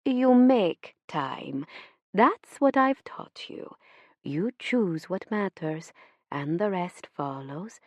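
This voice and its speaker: A woman doing a soft-spoken Swedish mother. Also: lowish voice, animated, no echo, muffled recording. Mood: firm. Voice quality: soft, slow and measured. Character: gentle older Swedish mother, calm and insistent.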